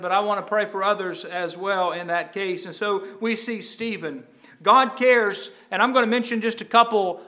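A middle-aged man preaches with a high, bright voice that rings with an edge. He talks earnestly, stumbling into repeated words and restarts as he works through his points. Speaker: pastor. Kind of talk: sermon.

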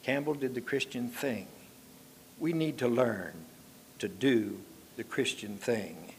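Guy preaching a sermon, earnest, gets loud on the big points then goes quiet and pleading. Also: mid-range voice, slow pace, a little hiss or hum. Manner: earnest, rising to emphatic appeals then dropping quiet.

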